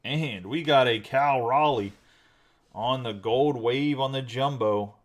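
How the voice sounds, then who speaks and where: A man hosting a live card break, chatting casually and rattling off names quickly. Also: medium pitch.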